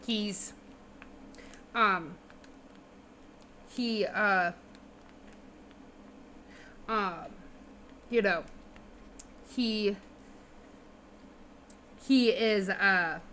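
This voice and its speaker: Slow-talking woman game master. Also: mid-range voice, sharp tone, a little hiss or hum. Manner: rambling, with many fillers and laughs. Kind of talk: narrating a tabletop game on a stream.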